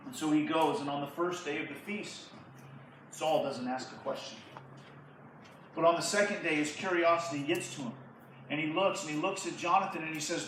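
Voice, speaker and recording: A man, a youth pastor, retelling a Bible story in a lively, slangy way to a church group. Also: a little high, fairly quick. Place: church hall. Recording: echoey hall from far off, faint noise.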